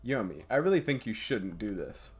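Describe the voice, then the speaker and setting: A man's voice: lowish voice, big pitch swings, normal speed, breathy edge. A man reading the lines of a cautious, worried young woman in a game, close to his own voice. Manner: read plainly, near his own voice.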